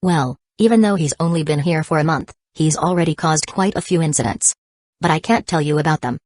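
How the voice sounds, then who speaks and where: A woman voicing a blunt adult female teacher in an audiobook, read in an even, unhurried way. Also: low-pitched, no room sound. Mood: matter-of-fact.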